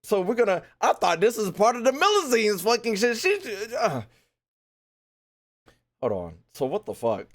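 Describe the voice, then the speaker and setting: A man streaming a casual reaction to a game trailer, profane, excitable and rambling. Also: high voice, moderate pace, long pauses.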